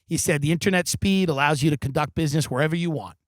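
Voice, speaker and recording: A man doing a comedic monologue rant, sardonic and theatrical, with plenty of swearing. His voice sits a bit high for a man, close and dry on the mic. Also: quick pace, no room sound. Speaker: podcast host. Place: backyard of a rental house. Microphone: studio microphone.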